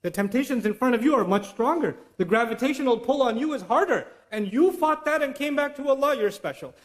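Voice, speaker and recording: Guy with a high voice doing a religious talk, chatty and animated, drops arabic verses in. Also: fairly quick. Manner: animated, conversational, mixes in Arabic recitation. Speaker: Islamic lecturer. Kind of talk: religious lecture.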